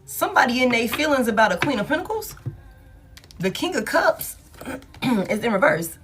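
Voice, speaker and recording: A woman's voice: fairly high pitch, big pitch swings, normal speed, fairly bright tone, soft background music. A woman reading tarot cards for her viewers in a casual, blunt, profane way, talking straight to them. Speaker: tarot reader.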